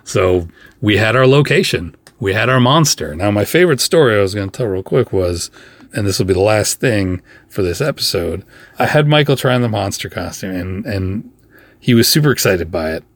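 In a casual podcast monologue, a man recounts a behind-the-scenes tale, wandering off into quick asides and using plenty of fillers. His fairly low voice is expressive, and the recording is dry.

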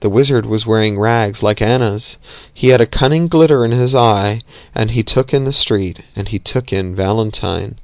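A man reading a novel aloud as narrator, steady and even, with occasional slips. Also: fairly low pitch, moderate pace, dry recording.

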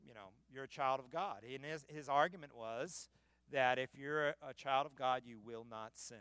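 A man preaching a sermon in a church, emphatic and building to loud peaks. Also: medium pitch, clear, resonant tone, dry recording. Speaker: pastor.

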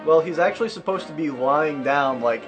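A man's voice: on the high side, expressive, normal speed, music in the background. A young man co-hosting a podcast, chatting casually and jokingly while playing a video game. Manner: joking, rambling, loud outbursts. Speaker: podcast co-host. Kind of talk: casual gaming chat.

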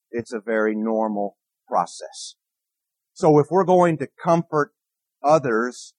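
A man's voice: mid-range voice, slightly rough, no room sound. Male minister, conversational sermon, asks the congregation questions; dry, close recording. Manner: earnest, repeats key phrases, asks the congregation questions.

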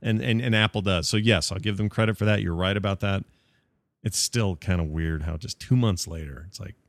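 A man's voice: low-pitched, fairly even intonation, a little fast, vocal fry, no echo. A man co-hosting a podcast in casual chat, joking around and laughing often. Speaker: podcast co-host.

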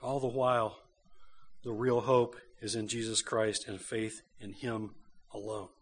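A man's voice: fairly low pitch, flat delivery, measured pace, husky. A man, a pastor, preaching a conversational sermon to a church congregation.

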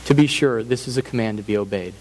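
A man's voice: lowish voice, fast, poor audio. A man preaching a sermon as pastor, earnest and emphatic, building points through repeated phrases. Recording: faint hiss.

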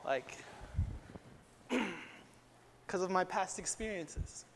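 Young guy, high voice, preaching his own story all casual and earnest, lots of likes, big echoey hall. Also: lively intonation, drawn-out words, a bit bright, slight background noise. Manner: earnest, conversational storytelling with many "like" fillers. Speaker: speaker at a Christian gathering. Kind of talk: personal testimony sermon. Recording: long hall reverb.

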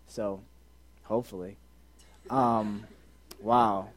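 A man's voice: lowish voice, steady tone, drawn-out words. A man hosting a podcast in front of a group, joking and coaxing people to join in, repeating himself. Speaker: podcast host. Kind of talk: casual chat to a live group.

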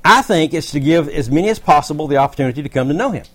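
A man's voice: fairly high pitch, animated, rapid-fire, fairly bright tone. A man teaching a Bible study, explaining verses in a conversational way with asides to the group. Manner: conversational, explanatory, occasional laughs.

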